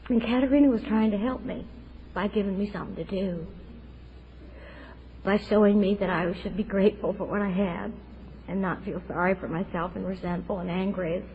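A woman's voice: medium pitch, steady tone, brisk. A woman in her fifties telling her recovery story in an earnest, reflective way, tearful at times. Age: 50s. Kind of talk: personal testimony at a recovery meeting. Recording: dull lo-fi recording with faint noise.

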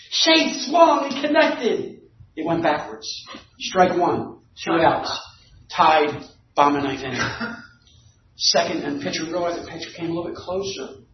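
A man telling an animated story to a recovery meeting group, building to shouts at the big moments. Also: high-pitched, a little hiss or hum. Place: meeting room. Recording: echoey room, distant dull mic.

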